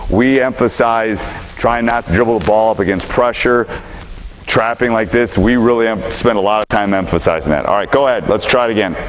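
A man coaching basketball players through a drill in a gym, giving brisk commands and explaining the teaching points. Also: lowish voice, slight background noise, poor audio. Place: gym during practice.

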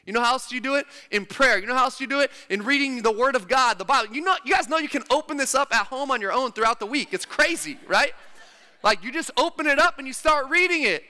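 A man's voice: very high-pitched, animated, fast, sharp tone. A man preaching a sermon in a church, emphatic and repeating his phrases for stress. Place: church hall. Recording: long church-hall reverb.

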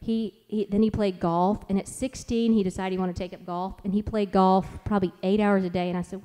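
A woman's voice: mid-range voice, steady tone, fairly quick, hardly any pauses, dark tone, smooth, long reverb tail. Chatty woman telling stories at a church conference. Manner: chatty and rambling, lots of "like", restarts. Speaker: conference speaker and mother. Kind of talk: conference talk with storytelling.

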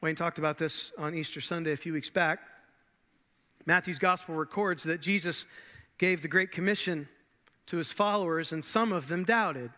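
A pastor delivers his sermon in a high, bright voice, leaning on dramatic pauses and sinking soft and low for the key words. He drops in casual asides along the way, and a long reverb trails his voice through the large hall. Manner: conversational asides.

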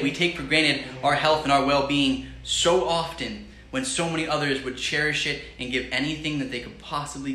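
Upbeat male livestream host, piercingly bright tone, echoey room, relentless motivational patter. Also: mid-range voice, slight background noise. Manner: enthusiastic, repetitive motivational pep talk. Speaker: healthy-cooking livestream host. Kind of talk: live-stream cooking chat with viewers.

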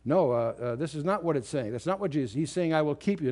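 A man with a fairly high speaking voice delivers a verse-by-verse Bible lecture. He reads King James scripture aloud and explains it emphatically. His delivery is unscripted, with restarts and fillers. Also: expressive, fast, hardly any pauses, a little mellow. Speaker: Bible teacher. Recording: remastered lecture recording.

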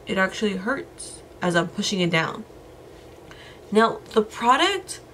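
A woman's voice: mid-range voice, a bit bright. A woman with a scratchy voice giving a chatty skincare product review to camera, talking to her viewers in a casual, conversational way. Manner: chatty, lots of "like" and "you guys". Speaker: beauty vlogger.

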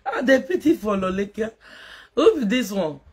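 A woman's voice: mid-range voice, big pitch swings, moderate pace, darkish tone, slightly rough. A Nigerian woman doing a casual live-stream gossip rant as a social media commentator, mocking, laughing and scolding.

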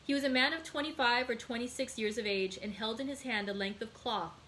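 A librarian reading a classic novel aloud in a steady, measured storytelling manner. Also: female voice, fairly high pitch, a little hiss or hum. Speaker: librarian hosting a read-aloud.

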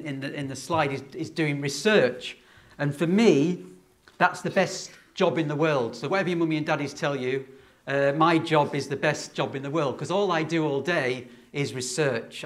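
A man's voice: on the high side, a bit bright. A middle-aged man giving a lecture to children in a hall, chatty and full of fillers and restarts. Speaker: university lecturer. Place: lecture hall with a live audience.

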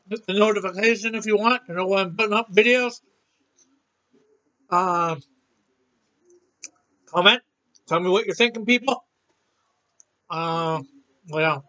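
A man's voice: sits high, sharp tone, highs cut off. A man reviewing a snack in a casual vlog, chatting easily and talking with his mouth full. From Canada. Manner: chatty, eats while talking.

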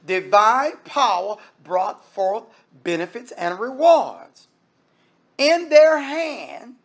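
A man's voice: extremely high pitch, very animated, slow. A man preaching a sermon in an emphatic, conversational style, speaking straight to the congregation.

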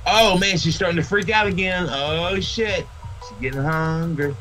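A man's voice: fairly high pitch, normal speed, fairly bright tone, faint music behind. A man casually playing a video game with a friend, laughing often and reading messages aloud. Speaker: gamer playing the granny. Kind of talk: casual gaming banter.

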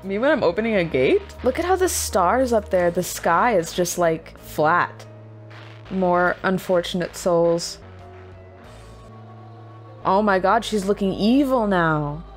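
A young woman chats playfully and sarcastically while playing horror games, her voice sitting a little low. A faint bed of music plays underneath. The delivery stays casual and quick-witted. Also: expressive. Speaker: horror game streamer. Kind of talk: casual gaming commentary.

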